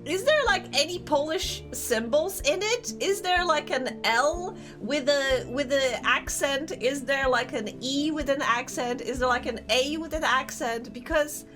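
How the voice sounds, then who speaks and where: A young woman streaming a game live, chatting casually, excitable and often laughing. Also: high voice, unhurried, few pauses, over music.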